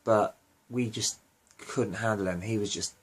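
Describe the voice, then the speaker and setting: A man's voice: lowish voice, fairly even intonation, a little slow. A young man hosting a fan podcast, rambling casually with lots of fillers and self-corrections. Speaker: podcast host.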